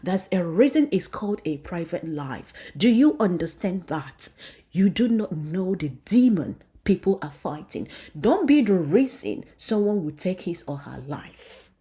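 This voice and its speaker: A woman's voice: fairly low pitch, big pitch swings, measured pace, dark tone, breathy edge. A woman vlogger giving an emotional commentary, speaking emphatically and preachily and blessing her viewers directly.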